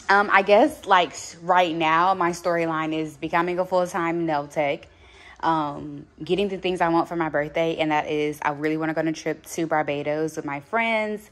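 A woman in her late twenties vlogging casually at home, rambling and thinking out loud. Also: lowish voice, moderate pace. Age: late 20s. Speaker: vlogger and nail tech. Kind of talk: casual vlog chat.

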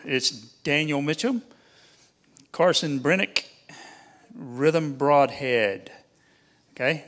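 A man's voice: mid-range voice, fairly bright tone. A man with a Southern US accent, a pastor reading out group lists to a church youth group in an upbeat, folksy way.

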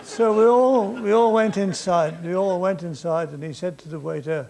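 An older man telling war stories on stage in a dry, deadpan manner. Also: high voice, normal speed, creaky, few pauses. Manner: dry, deadpan anecdotal delivery. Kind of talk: live stage storytelling. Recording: faint noise, 1990s VHS tape.

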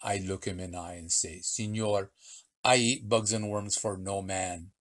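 A man voicing a very old storyteller, speaking broken English with dramatic pauses and slow punchlines. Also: low voice, fairly even intonation, fairly bright tone. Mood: playful. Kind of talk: storytelling for children.

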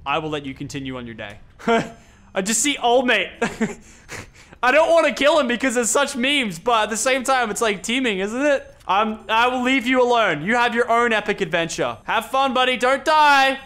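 A young man giving excited gameplay commentary, laughing and chatting to opponents. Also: very high-pitched, moderate pace. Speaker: gaming YouTuber.

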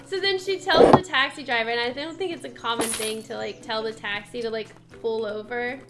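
A woman's voice: on the high side, lively intonation, moderate pace, loud music behind the voice. A woman streamer chatting casually over a simulation game, laughing often and exclaiming at what happens. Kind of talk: casual gameplay commentary.

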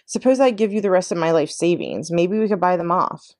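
A woman's voice: fairly low pitch, lively intonation, fairly quick, darkish tone, no echo, clean studio sound, lightly acted. A woman voicing an anxious, fretful male mouse in a storybook, wailing and sometimes whispering. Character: anxious fast-talking male city mouse.

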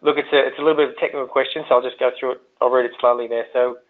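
A man's voice: mid-range voice, flat delivery, racing. A man with an Australian accent hosting a webinar Q&A, chatty and hesitant, often repeating words and saying "um". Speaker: webinar host. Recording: tinny phone-line audio.

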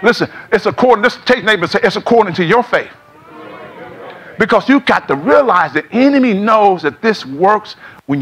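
With a high, animated voice at a moderate pace, a middle-aged pastor preaches to his congregation in the sanctuary, urging them to answer back and repeat his words. His tone is a bit bright, with a little hiss or hum.

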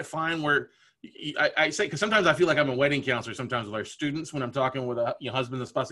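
A man hosting a podcast, chatting casually and affirming his guest. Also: medium pitch. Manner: quick, bright, affirming replies. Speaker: podcast host. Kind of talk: casual interview chat.

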